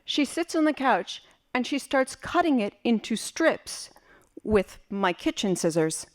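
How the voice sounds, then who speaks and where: Animated woman telling a story. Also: fairly high pitch, unhurried. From West Berlin, Germany. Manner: animated, vivid, playful. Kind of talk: live personal storytelling.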